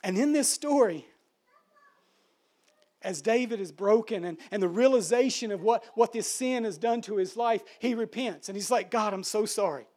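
A man with a very high voice preaches a sermon. He delivers it emphatically, dropping to a hush and then rising forcefully. He often repeats words while building a point. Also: normal speed. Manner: emphatic, dramatic swings between soft and loud.

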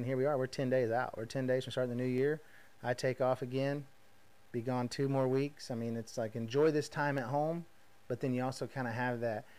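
A man in his thirties with a drawl hosts his own show. He talks casually and folksy, full of energy and side remarks. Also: medium pitch. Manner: folksy, energetic storytelling with frequent asides. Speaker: podcast host. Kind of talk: casual monologue.

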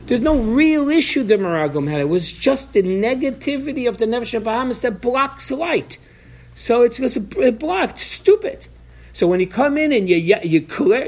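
A man's voice: very high-pitched, big pitch swings, moderate pace, slightly rough. A man giving an informal Torah class, talking animatedly, acting out voices from the story, and often restarting his sentences. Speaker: Torah teacher.

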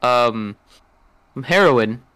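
Young man, podcast co-host, hesitant halting chat, mid pitch, dry close recording. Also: lively intonation, bright, forceful tone, smooth, no echo. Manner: hesitant, trails off and restarts. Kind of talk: casual chat.

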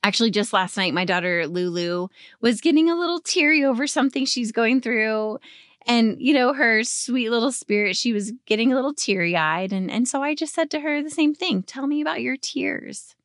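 A woman in her thirties hosting a devotional podcast, teaching scripture with earnest, expressive storytelling that slows and softens on tender points. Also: a little high, no room sound, clean studio sound. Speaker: podcast host.

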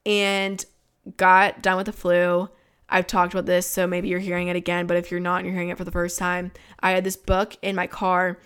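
A woman's voice: fairly low pitch, completely flat delivery, moderate pace, a bit bright, clean tone. A young woman in her twenties, a podcast host telling a personal story in a frank, casual way, swearing often and filling her talk with "like". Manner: frank and swearing, many "like" fillers.

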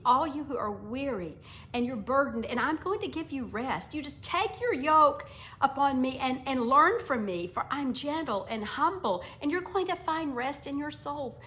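A woman teaching a devotional Bible lesson, speaking earnestly and often dropping to a soft near-whisper. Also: sits high, expressive, slight background noise. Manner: speaks song lyrics in a slow cadence.

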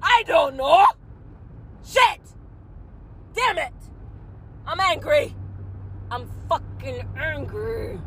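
A woman venting angrily in a vlog from a car, swearing a lot and rambling, breaking into shouts. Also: sits high, sing-song, drawn-out words, pauses often, slight background noise, poor audio. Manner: profane, shouting in bursts, rambling.

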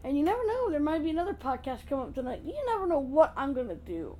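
A woman hosting her own podcast, chatting in a gushing, excitable way. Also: high-pitched, fast, low-quality recording. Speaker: podcast host. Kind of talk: casual podcast chat.

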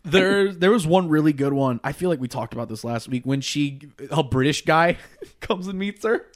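Young male podcast co-host, high voice, rambling and profane, gossipy casual chat. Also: lively intonation, normal speed. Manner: rambling, heavy use of "like", swears and laughs often.

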